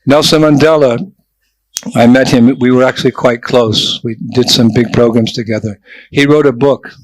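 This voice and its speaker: A man's voice: mid-range voice, moderate pace, no echo, poor audio. An older man, a traveling monk, giving a sermon to young people, telling stories with jokes and asides. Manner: lively storytelling with jokes and asides. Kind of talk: sermon to a youth festival.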